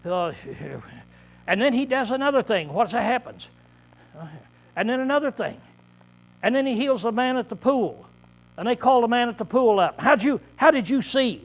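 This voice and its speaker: A man preaching a conversational Bible-study sermon, often clearing his throat and checking in with "see?" as he repeats and restarts phrases. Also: very high-pitched, animated, moderate pace, long pauses. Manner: repetitive, restarts mid-phrase.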